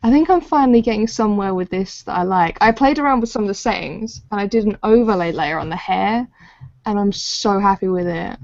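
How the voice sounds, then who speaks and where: A woman's voice: mid-range voice, a little fast, gravelly, a little mellow, no room sound, lo-fi sound. A woman co-hosting a podcast as a comic artist, chatting casually while she draws, often laughing and restarting her sentences. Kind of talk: casual chat while drawing.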